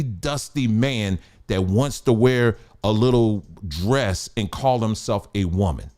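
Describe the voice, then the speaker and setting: A man's voice: lowish voice, darkish tone. A man hosting a casual commentary show, talking in a blunt, emphatic, colloquial way.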